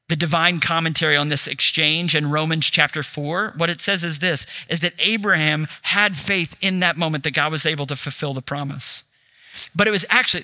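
Bright, conversational male preacher. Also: a little high. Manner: conversational, acts out dialogue in quotes. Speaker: pastor. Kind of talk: sermon.

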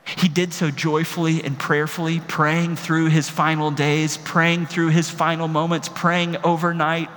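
A man preaching a sermon as pastor, impassioned, moving between quiet reflection and emphatic calls. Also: on the high side. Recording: long hall reverb, faint room noise.

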